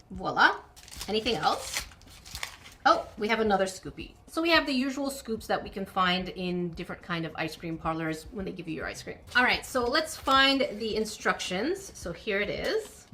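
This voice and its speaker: A woman's voice: medium pitch, sharp tone, slight background noise. A woman chatting playfully through an unboxing of miniature food kits, sometimes mock-indignant. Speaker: miniature crafting vlogger. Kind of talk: unboxing voice-over.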